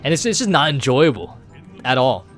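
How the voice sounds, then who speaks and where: Dude streaming, rambling chat w/ viewers, pitch all over the place, faint music behind. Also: male voice, moderate pace. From United States. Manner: rambling, animated, casual swearing, many fillers. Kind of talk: casual chat with viewers while gaming.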